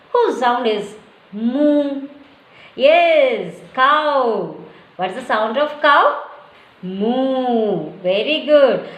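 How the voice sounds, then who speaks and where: Slow, lively-voiced woman teaching young children. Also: sits high, reverberant. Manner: slow call-and-response, spells words letter by letter. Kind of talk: children's lesson.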